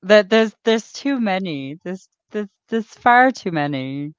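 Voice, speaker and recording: A woman's voice: mid-range voice, expressive, slow, smooth, no echo. A woman, co-hosting a casual podcast, telling work stories with laughs, swearing and mimicked customers. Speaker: podcast co-host. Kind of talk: casual chat. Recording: dry, slightly dull audio.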